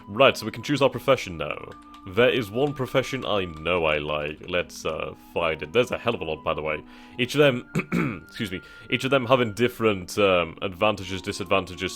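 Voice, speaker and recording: A man with a very low voice talks through a game's setup menus, reading text aloud and thinking as he goes. He hesitates and muses casually as he chooses options. Faint music plays under his voice. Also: a bit bright. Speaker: gaming channel host. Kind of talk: casual let's-play commentary.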